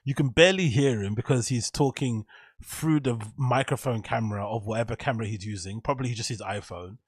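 A man talks over a clip in loose, sarcastic commentary, swearing often and wandering between thoughts. His voice sits at an ordinary middle pitch. The sound is close and dry, with no room around it. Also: fairly quick, slightly rough, dry recording. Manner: swears freely, rambling and joking. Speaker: reaction video host. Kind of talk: casual reaction commentary.

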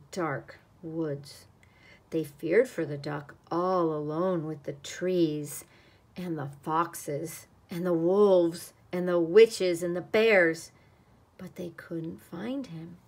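Slow, expressive woman reading a picture book. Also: low voice. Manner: expressive, dramatic pauses. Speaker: storyteller. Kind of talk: children's picture-book read-aloud.

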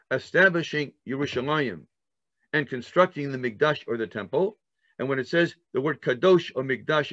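A man's voice: medium pitch, dry recording, dull audio. An older man teaching a Torah class as a rabbi, acting out words with his breath and asking questions he then answers himself. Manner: animated, enacts words with breath and gasping sounds. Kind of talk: Torah lesson.

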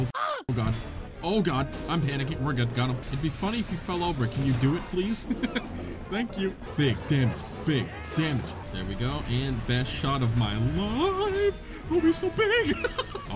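An excitable young man talks through a game as he plays, joking, swearing and laughing at what happens on screen. His pitch swings widely and sits a little high for a man. Game music plays clearly behind him. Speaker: gaming channel host. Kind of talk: let's play commentary.

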